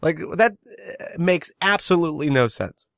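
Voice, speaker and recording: A man's voice: on the high side, animated, moderate pace, fairly bright tone, no echo, studio quality. A man hosting a casual podcast chat, steering the talk and asking pointed questions. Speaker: podcast host.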